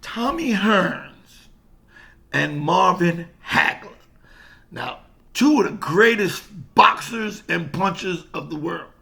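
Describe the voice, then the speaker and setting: An older man and boxing coach, telling a story in an animated way, repeating himself and swearing freely. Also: high voice, takes it slowly, gravelly. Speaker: boxing coach and former fighter. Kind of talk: casual boxing talk to camera.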